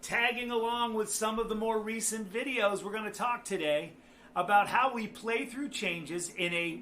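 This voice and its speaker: A man's voice: high-pitched, bright, forceful tone, a little hiss or hum. A man giving a casual guitar lesson, chatty, with joking asides. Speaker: guitar teacher. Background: guitar playing.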